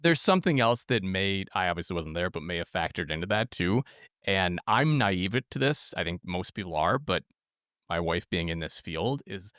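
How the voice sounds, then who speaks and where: Male co-host, slightly low, expressive pitch, dry studio sound, chatty listener. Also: normal speed, smooth, no room sound. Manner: reactive listener, short interjections, earnest asides. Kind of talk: casual chat. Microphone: headphones on a close studio mic.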